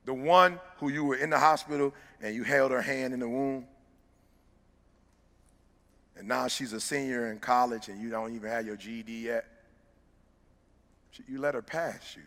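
Gravelly-voiced man giving a fiery motivational speech. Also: medium pitch, fairly quick, fairly bright tone. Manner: emphatic, preacher-like, direct address to listeners. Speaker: motivational speaker. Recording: long reverb of a large hall.

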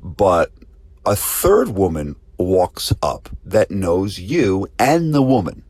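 A man with a very low voice hosts a podcast for gym owners. He talks casually, posing rhetorical questions as he tells a story. The sound is dry and close, with no room echo. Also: sing-song, takes it slowly, a little mellow. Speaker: podcast host and gym business coach. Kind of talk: casual spoken promo and talk.

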